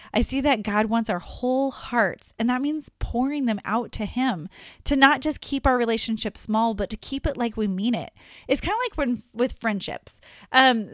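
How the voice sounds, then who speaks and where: A young woman telling a Bible story to children, friendly and animated, with chatty asides. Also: fairly high pitch, dry recording, clean studio sound. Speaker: children's Bible lesson teacher. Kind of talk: Bible story lesson for kids.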